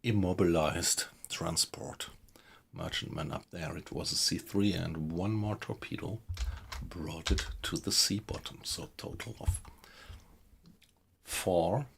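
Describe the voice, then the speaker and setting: A man's voice: sits low, slow pace, creaky, fairly bright tone, breathy edge. A man with a German accent, chatting casually to viewers while streaming a video game. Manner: chatty, thanks viewers, laughs often. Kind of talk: casual live-stream commentary.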